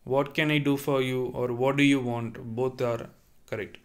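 A man with a medium-pitched, level voice leads an online French lesson. Slow and deliberate, he reads sentences aloud, translates them, and patiently repeats and explains each one.

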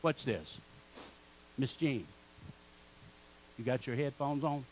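A man's voice: medium pitch, lively intonation, slow pace, darkish tone, slight background noise, low-quality recording. A man preaching a sermon in church as pastor, calling on the congregation to repeat words back. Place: church sanctuary.

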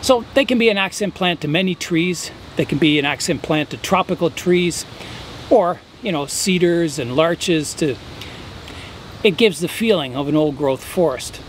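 A man casually explaining his bonsai work as he goes, relaxed and thinking aloud with a few fillers. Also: fairly high pitch, moderate pace, a little hiss or hum. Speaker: bonsai hobbyist vlogger. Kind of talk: casual how-to narration.

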